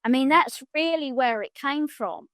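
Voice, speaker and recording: A woman's voice: sits high, unhurried, a bit bright, no room sound. A middle-aged woman with an English accent, a guest in a podcast interview, speaking thoughtfully with frequent hesitations. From England. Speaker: guest, wealth mentor.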